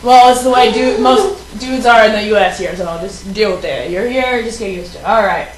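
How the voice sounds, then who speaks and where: A woman's voice: mid-range voice, fairly quick, roomy sound, a little hiss or hum, rough recording. A woman hosting a live morning show, brash and teasing, acting tough. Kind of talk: casual live-show banter. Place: hotel studio.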